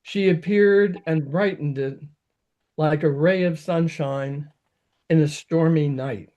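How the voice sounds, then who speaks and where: A man's voice: a little high, slow, mellow, highs cut off. A man reading aloud the lines of an older nobleman who speaks earnestly of his love for his young wife. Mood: tender. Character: older nobleman, devoted husband, tender and earnest.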